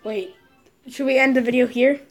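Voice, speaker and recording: A woman's voice: fairly high pitch, steady tone, normal speed, reverberant, recorded from a distance, faint music behind. A woman hosting a casual gameplay video, chatty and giggly, rambling with fillers. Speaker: gaming channel host.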